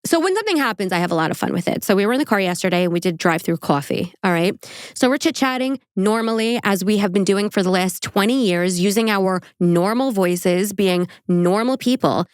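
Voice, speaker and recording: A woman hosting a casual true crime podcast, chatty and animated, laughing often and filling her talk with "like". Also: medium pitch, a little fast, clear, resonant tone, no room sound, studio quality. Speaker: podcast host.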